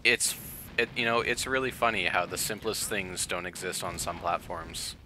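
A man streaming a game and chatting casually with his viewers, thinking aloud and clearing his throat often. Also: deep voice, normal speed, background noise.

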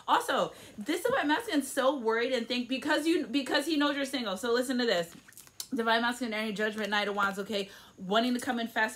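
Woman reading tarot at home, kinda high voice, punchy, cusses a lot, keeps saying okay. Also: a bit bright. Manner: emphatic, swears freely, keeps checking with "okay?". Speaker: tarot reader. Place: room at home.

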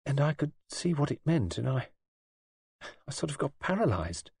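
A man's voice: a little high, very animated, normal speed, vocal fry, breathy edge, no echo, clean studio sound, voice pushed up, full character voice. A man voicing a shy, distressed young woman who speaks hesitantly, in an audiobook reading. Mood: anguished. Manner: soft, hesitant, faltering. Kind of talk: audiobook dialogue.

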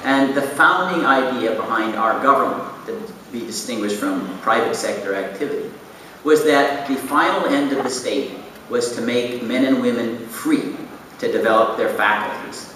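A man's voice: mid-range voice, moderate pace, bright, forceful tone. Man, formal and emphatic speaker, distant in a big reverberant hall. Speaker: conference speaker. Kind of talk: formal political speech. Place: large conference hall. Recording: echoey hall, speaker from far off, faint noise.

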